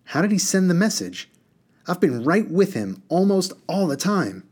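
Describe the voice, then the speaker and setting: A man's voice: sits high, sing-song, moderate pace, a little mellow, breathy edge, pitched above the performer's own voice, exaggerated voice. A man reading the part of a firm, stubborn young boy. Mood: indignant. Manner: firm, demanding.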